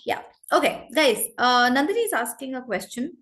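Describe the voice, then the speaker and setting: A woman with an Indian English accent teaching an online class over a video call, briskly scolding students who laugh and talk. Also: high voice, expressive, a bit bright.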